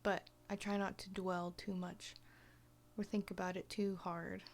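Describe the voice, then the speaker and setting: A young woman talking casually in a personal vlog, soft-spoken and often half-whispering, hesitant with lots of fillers. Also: mid-range voice, level tone, unhurried. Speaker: vlogger.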